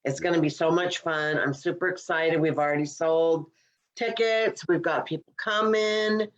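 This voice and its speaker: A woman's voice: low-pitched, normal speed, highs cut off. A woman co-hosting a comedy podcast, chatting in an upbeat way and trailing off her sentences. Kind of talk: casual chat.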